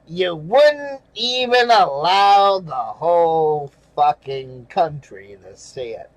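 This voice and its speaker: A man with a fairly high voice rants at a slow, dragging pace, cursing and sarcastic as he reads out comments. He chuckles now and then between angry remarks. The sound is dry and close. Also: animated, no echo, low-quality recording. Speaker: channel host reading viewer comments. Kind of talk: casual ranting commentary.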